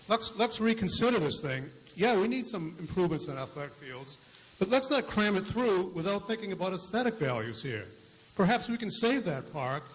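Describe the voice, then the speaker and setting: A man's voice: high-pitched, fairly bright tone. A man from Massachusetts speaking earnestly at a town meeting, often restarting his phrases. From Millis, Massachusetts. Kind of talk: public meeting speech. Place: large meeting hall. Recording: echoey hall, faint noise.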